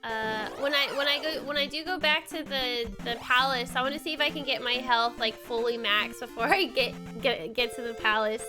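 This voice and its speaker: A tired, yawning woman streaming a video game, thinking out loud and chatting to her viewers. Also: high-pitched, steady tone, moderate pace, hardly any pauses. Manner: thinks aloud while playing and talks to chat. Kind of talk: casual livestream gaming commentary. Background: game music.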